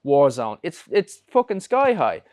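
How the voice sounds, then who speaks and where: A man's voice: a little high, sing-song, unhurried, darkish tone. A man, chatting casually as a podcast guest, rambling with fillers and swearing freely. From Ireland. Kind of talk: casual chat.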